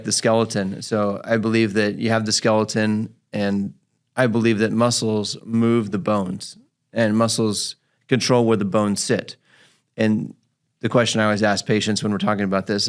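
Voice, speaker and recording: A man with a fairly low voice tells a story from his clinic in relaxed podcast chat. He slips into his patient's voice for quoted lines and keeps the telling lively. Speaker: physical therapist podcast host.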